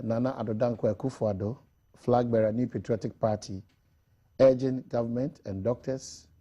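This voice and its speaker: A man with a Ghanaian English accent, hosting a newspaper review and reading an editorial aloud in a measured, formal way. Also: mid-range voice, warm tone.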